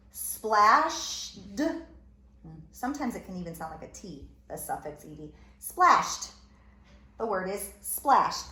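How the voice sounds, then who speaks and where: A woman teacher giving a recorded phonics lesson, sounding out letters and word parts one at a time. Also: on the low side. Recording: echoey room with faint ambient noise.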